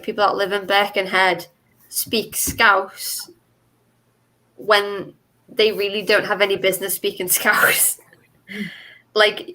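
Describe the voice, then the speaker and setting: A woman's voice: mid-range voice, a bit bright, poor audio. A woman with a Merseyside accent from the Wirral, chatting casually as a podcast co-host and laughing often. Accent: Merseyside English. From Wirral, England. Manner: chatty, laughs often, explains with many fillers. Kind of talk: casual chat.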